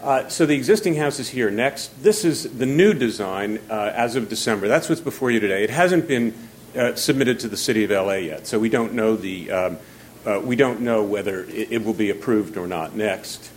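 A man representing neighborhood associations at a public hearing, out of breath, apologetic and halting with many fillers. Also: lowish voice, lively intonation, a little hiss or hum. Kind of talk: public comment testimony.

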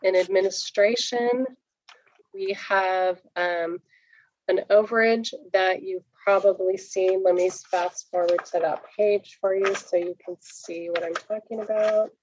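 A woman on staff presenting a budget report to a board at a public meeting, brisk and explanatory, with frequent fillers. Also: medium pitch, fairly even intonation, a little mellow, lo-fi sound.

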